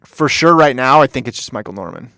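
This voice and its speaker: A man's voice: mid-range voice, very animated, brisk, vocal fry, bright, forceful tone, dry recording, clean studio sound. A man hosting a casual sports chat, enthusiastic and laughing as he tells anecdotes.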